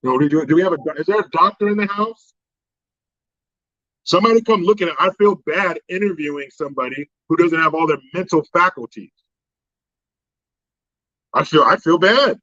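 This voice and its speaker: A man ranting sarcastically through a profane political monologue. His voice runs high and sharp. It is recorded dry with a slightly dull, lo-fi tone. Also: a little fast, dry recording. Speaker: host.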